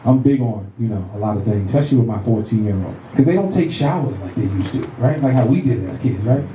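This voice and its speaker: A man in his thirties doing a profane, animated stand-up set in a comedy club, acting out voices as he tells stories. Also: on the low side, quick pace, a little hiss or hum. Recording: roomy club sound from a distant mic.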